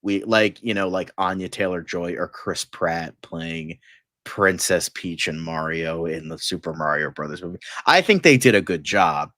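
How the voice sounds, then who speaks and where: A man's voice: deep voice, animated, normal speed, bright, forceful tone, no echo, studio quality. A man in casual chat, gushing and rambling with lots of fillers, tired and delirious late at night.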